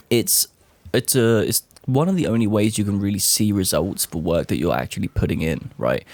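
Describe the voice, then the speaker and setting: A young man talking casually to camera, animated, swearing freely and calling the listener bro. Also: low voice, no echo. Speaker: vlogger.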